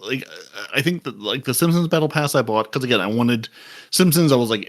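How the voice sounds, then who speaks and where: A middle-pitched man talking animatedly on a podcast. He piles up filler words, acts out little quoted voices and laughs often. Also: expressive, a little fast. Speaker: podcast co-host. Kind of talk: casual chat.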